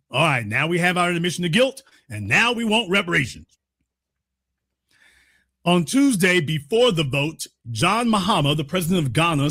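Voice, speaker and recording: Heated, bright-voiced man commentator. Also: high voice. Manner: heated, sarcastic, at times shouting. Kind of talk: news commentary.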